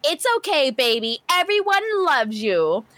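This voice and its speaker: A woman voicing an indignant mother who loudly lectures a stranger while reading a story on a podcast. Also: sits high, big pitch swings, measured pace, dry recording, exaggerated voice. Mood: pointed. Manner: loud, pointed, self-righteous.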